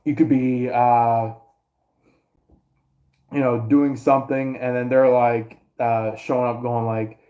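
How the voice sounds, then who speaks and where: Slow, rambling man reading the stars. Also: medium pitch, flat delivery, narrow, tinny audio. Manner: rambling, many fillers and restarts. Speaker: astrology and tarot reader. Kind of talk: casual reading to camera.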